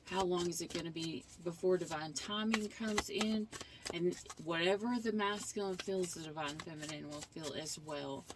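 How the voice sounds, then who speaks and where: A middle-aged woman talks through a tarot spread in a casual, earnest way. Her voice sits a little low, and she wanders through her explanations, often breaking off and restarting a sentence. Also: noisy background. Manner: earnest, rambling explanations with self-corrections. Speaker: tarot reader. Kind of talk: casual spiritual reading.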